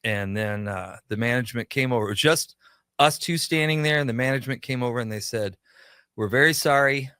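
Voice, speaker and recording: Guy rambling through a story on a radio show, acts out the back-and-forth, middle-pitched voice, dead dry mic. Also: fast, pushed and bright, clear, resonant tone, no room sound. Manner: chatty anecdotal storytelling, acts out quoted dialogue. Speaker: guest, pop culture shop owner.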